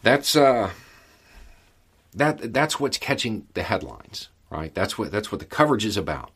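Husky, deep-voiced man commenting casually. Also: big pitch swings, unhurried, a bit bright. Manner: folksy, conversational, emphatic repetition.

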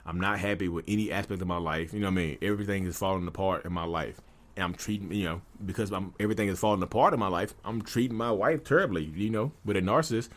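A man in his thirties with a fairly low voice tells a personal story. He is candid and casual, and his talk is loose and full of fillers. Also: fast talker. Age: 30s. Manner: candid, conversational, many fillers like "you know". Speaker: podcast host.

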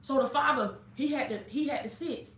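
Bright fervent woman preaching online. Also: high-pitched, normal speed, roomy sound. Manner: fervent call-and-response preaching, addresses viewers as baby. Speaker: preacher and life coach. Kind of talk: informal online sermon.

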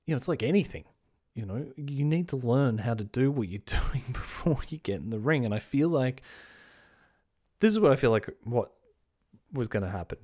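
A man's voice: medium pitch, lively intonation, moderate pace, a little mellow. A man hosting a podcast, giving blunt, rambling opinions with frequent swearing and restarts. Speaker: podcast host. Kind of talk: casual opinion commentary.

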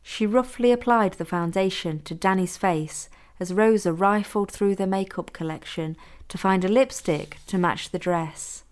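A woman reading her own story aloud as an audiobook, in a steady, measured narration. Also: medium pitch.

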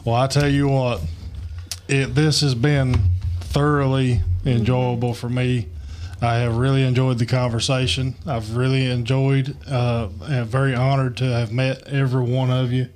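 Relaxed male host in a studio chat. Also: mid-range voice, moderate pace, slight background noise. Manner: relaxed, encouraging interviewer. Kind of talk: casual chat.

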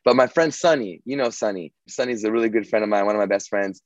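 A man's voice: lowish voice, fast, dry recording, lo-fi sound. A man casually telling a long story, rambling and swearing, with many restarts. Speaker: guest telling his story.

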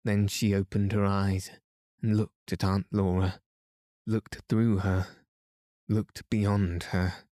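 Man, bedtime story narrator, soft-spoken, slow, low voice. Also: level tone, no room sound, studio quality. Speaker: podcast narrator.

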